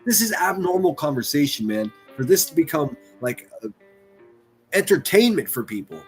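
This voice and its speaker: A man's voice: a little high, sing-song, normal speed, faint music behind. A man hosting a stream, ranting crudely and mocking people in exasperated bursts. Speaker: streamer host.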